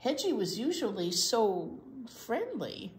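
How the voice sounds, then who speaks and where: Animated woman reading a children's storytime. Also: medium pitch, slow, roomy sound. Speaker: children's librarian. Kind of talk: picture-book read-aloud storytime.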